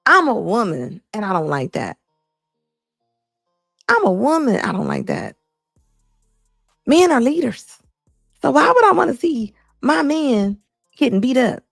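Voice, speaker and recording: Blunt gravelly woman commentator. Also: on the high side, wildly swooping pitch, unhurried, long pauses, a bit bright, no room sound, clean studio sound, faint music behind. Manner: blunt, emphatic, repeats lines for effect. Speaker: commentary host. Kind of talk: casual reaction commentary.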